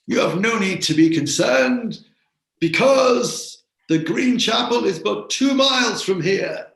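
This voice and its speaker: A roaring, hearty knight who owns a great castle, big and generous in his welcome, as a storyteller puts him on. His voice jumps far above the teller's usual gravelly tone and rings loud around an echoey room. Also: high-pitched, expressive, takes it slowly, voice pushed up, full character voice. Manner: roaring laugh, hearty and boastful. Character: jolly booming lord of a castle, knight.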